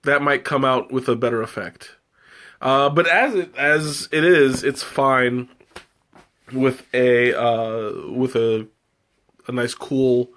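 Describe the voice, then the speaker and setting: A man's voice: mid-range voice, a bit bright. A man hosting a live tea tasting, chatting casually and rambling with many fillers and restarts. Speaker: livestream host tasting tea.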